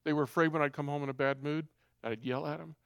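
Middle-aged man sharing a testimony, earnest and confessional, a touch high-pitched, close and dry. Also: steady tone, fast talker, creaky, a bit bright, clean tone, no room sound. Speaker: speaker giving a personal testimony. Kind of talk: personal testimony storytelling.

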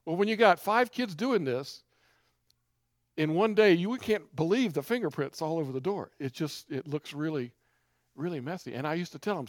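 Earnest middle-aged man, slightly high voice. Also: moderate pace, no room sound, studio quality. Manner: earnest, confessional, conversational. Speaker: speaker giving a personal testimony. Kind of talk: personal testimony storytelling.

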